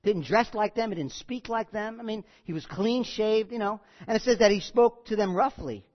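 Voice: mid-range voice, moderate pace, dull audio. A pastor preaching a sermon and teaching through a Bible passage in a conversational way, repeating key phrases and asking the congregation questions. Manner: animated, asks the congregation questions.

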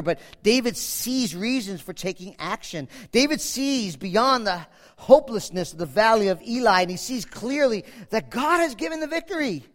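A man preaching a sermon in a church, animated and dramatic, swinging from loud to hushed. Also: very high-pitched. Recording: echoey hall reverb.

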